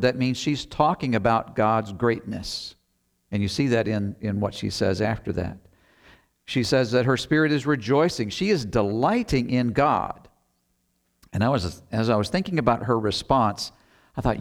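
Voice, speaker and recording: A middle-aged man with a medium-pitched, creaky voice preaches a sermon. He reads scripture slowly and deliberately, then explains it in an earnest, conversational way with rhetorical asides.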